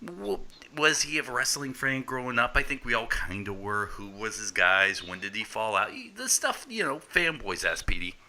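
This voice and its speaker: A man's voice: medium pitch, very animated, moderate pace, few pauses, pushed and bright. A man hosting a wrestling podcast in casual chat, upbeat and plugging the show. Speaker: podcast host.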